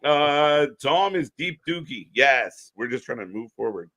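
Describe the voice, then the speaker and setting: A man's voice: mid-range voice, expressive, measured pace, a bit bright, muffled recording. A man co-hosting a live wrestling stream in a laid-back, casual way, reading out chat comments and laughing often.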